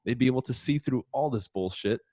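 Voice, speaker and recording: A man's voice: mid-range voice, a little fast, dark tone, slightly rough, no room sound, studio quality. A man who works as a coach, a guest on a podcast, talking in an emphatic, profane, ranting way in casual chat.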